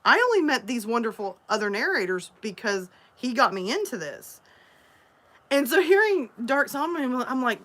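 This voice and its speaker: A woman's voice: fairly high pitch, sing-song, moderate pace, a bit bright. A woman from Alabama, chatting casually and telling rambling stories on a livestream. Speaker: story narrator and streamer.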